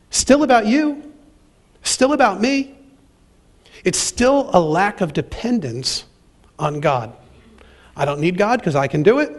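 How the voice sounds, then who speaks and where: A man's voice: high voice, sing-song, normal speed. A man preaching a sermon and reading scripture aloud, with dramatic pacing and emphatic, acted-out quotes. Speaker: pastor.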